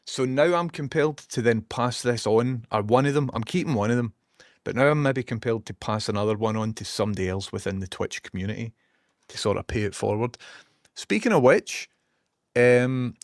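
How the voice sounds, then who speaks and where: A man's voice: mid-range voice, moderate pace, no room sound, studio quality. A Scottish man streaming from a small basement room, rambling casually, swearing now and then and reading out viewer messages. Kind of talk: casual live-stream chat.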